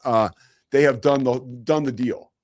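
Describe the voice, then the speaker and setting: A man's voice: medium pitch, measured pace, dry recording, studio quality. A man hosting a sports talk show, telling a story in a rambling, self-mocking way with lots of fillers. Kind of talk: casual storytelling monologue.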